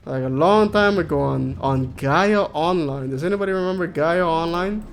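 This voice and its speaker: A man's voice: on the high side, normal speed, vocal fry, faint music behind. A man chatting casually on a game stream, rambling and joking and reading out chat messages. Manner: rambling, jokey, reads chat aloud.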